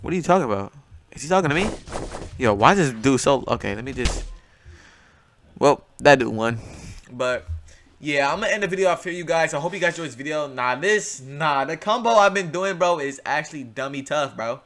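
A young man casually commentating his own gameplay for viewers, excitable and full of slang. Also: a little high, a little fast. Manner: excitable, slangy, talks to viewers while playing. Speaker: gaming YouTuber. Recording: game music playing behind. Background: video game music.

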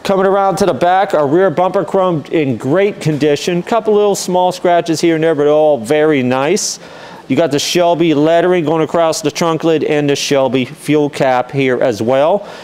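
A male car dealer gives an easygoing, methodical walkaround of a classic car for sale, carrying the camera around it and using many "um" and "uh" fillers. He speaks at normal speed in a slightly high, a little mellow voice that sounds clear and resonant.

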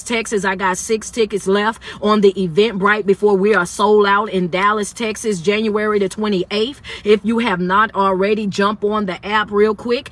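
Bright, energetic woman motivational speaker. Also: mid-range voice. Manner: energetic, greets viewers by place; preacherly, urges listeners to take notes. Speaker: motivational speaker and life coach. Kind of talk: live-stream motivational talk.

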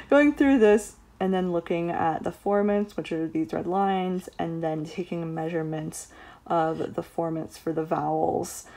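In a casual vlog filmed between her home room and a campus lab, an American university student, a young adult woman, chats away and fills her speech with "like." Her voice is low-pitched, creaky, and mellow.

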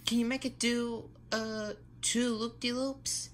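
A woman's voice: a little high, flat delivery, takes it slowly. A woman playing a caring, motherly girl superhero who encourages her little sister, in a fan role-play. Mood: gentle, encouraging.

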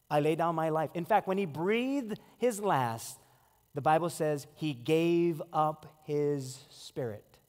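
Pastor, 40s, storytelling sermon, high pitch, reverberant sanctuary. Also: male voice. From Hawaii. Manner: storytelling, animated acted-out quotes. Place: church sanctuary. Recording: long hall reverb.

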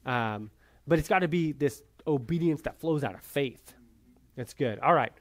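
A man's voice: fairly high pitch, animated, normal speed. A man teaching a church Bible class in a conversational way, often checking in with his listeners. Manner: conversational, frequent "right?" checks.

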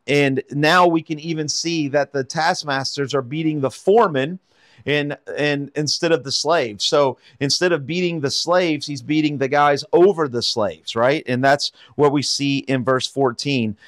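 A man's voice: a little high, measured pace, no room sound, clean studio sound. Man reading and explaining scripture. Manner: reads scripture then explains it conversationally, with fillers and rhetorical "right?". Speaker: pastor teaching a Bible study. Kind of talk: Bible reading with commentary.

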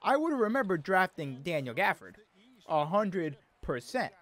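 A man's voice: high voice, big pitch swings, moderate pace, fairly bright tone. A man giving casual gameplay commentary while playing a basketball video game, often exasperated and complaining aloud at the game.

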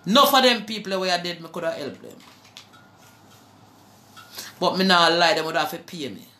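A woman with a Jamaican accent preaching to a live online audience, slow and fervent, at times breaking into song. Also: on the low side, expressive, sharp tone, reverberant.

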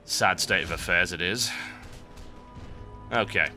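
A man giving sardonic, animated commentary over a video game he is playing. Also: low voice, slow, faint music behind. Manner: sardonic, animated, wry complaints. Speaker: gameplay commentator. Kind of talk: let's-play commentary.

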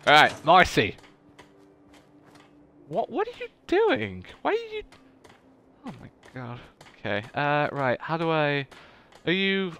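Young guy streaming a game, bright clear voice, goofy and chatty, pitch all over. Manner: chatty, goofy, talks to chat. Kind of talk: casual gaming livestream chat.

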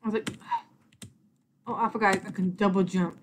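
A woman's voice: medium pitch, fairly even intonation, moderate pace, slight background noise. A young woman giving casual gameplay commentary, rambling and exasperated, swearing mildly at the game. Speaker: let's play gamer.

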